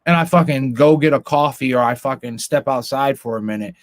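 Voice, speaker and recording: A man's voice: medium pitch, brisk, dry recording, clean studio sound. A man hosting a podcast, talking casually with heavy swearing, ranting in a heated, rambling way with frequent restarts. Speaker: podcast host.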